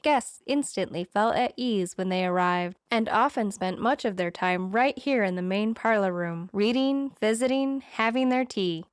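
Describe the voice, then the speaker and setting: Brief: female audiobook narrator, steady expressive reading, mid pitch, very dry close sound. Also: moderate pace, hardly any pauses, smooth, dry recording. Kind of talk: scripted storybook narration.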